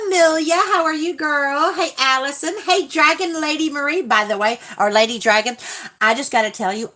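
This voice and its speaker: A woman's voice: fairly high pitch, a bit bright. Bubbly woman greeting her live chat. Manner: bubbly, greets viewers by name, rambling. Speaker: livestream host; teacher. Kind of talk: casual livestream chat.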